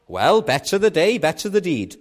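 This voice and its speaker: A man's voice: sits high, big pitch swings, normal speed, faint music behind, pitched above the performer's own voice. A man voicing a dry, knowing street preacher answering a challenger. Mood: wry. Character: wry male street preacher, calm and dry.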